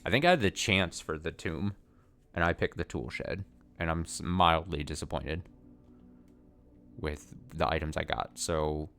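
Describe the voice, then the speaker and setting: A man's voice: a bass voice, a little slow, gravelly, pauses often, fairly bright tone. A man giving casual gameplay commentary, thinking aloud, swearing casually and poking fun at himself. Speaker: let's play streamer.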